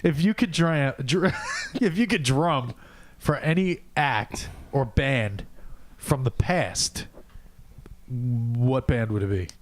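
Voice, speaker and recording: A man's voice: mid-range voice, slow pace, slight background noise. A man hosting a comedy podcast, teasing his guests and laughing often in casual chat. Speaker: podcast host.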